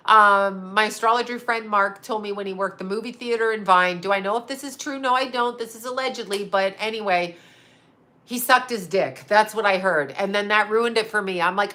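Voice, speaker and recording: A woman's voice: medium pitch, moderate pace, bright, forceful tone. A middle-aged woman, a psychic medium, talking in a loose, rambling way, swearing often and repeating herself for emphasis. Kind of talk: casual rambling monologue.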